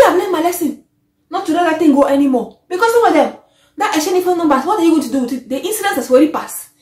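High-voiced woman ranting. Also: quick pace. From Africa. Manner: animated and exasperated, often trailing off. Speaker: vlogger. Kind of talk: opinion rant to camera. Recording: echoey room.

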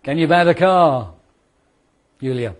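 A man teaching a law class, lively and conversational, asking the students questions and walking them through made-up scenarios. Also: a little high, unhurried. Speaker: law lecturer.

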